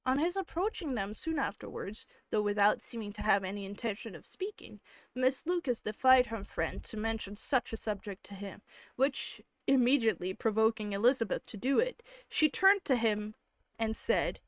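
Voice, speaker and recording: A woman's voice: mid-range voice, expressive, moderate pace, no echo. A woman reading a novel aloud on a live stream, narrating steadily into a close mic with casual asides.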